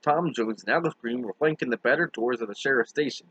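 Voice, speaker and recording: Male audiobook narrator, steady earnest reading, bright forceful voice, dry close sound, dull lo-fi recording. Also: mid-range voice, fast talker, breathy edge, no echo. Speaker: audiobook reader.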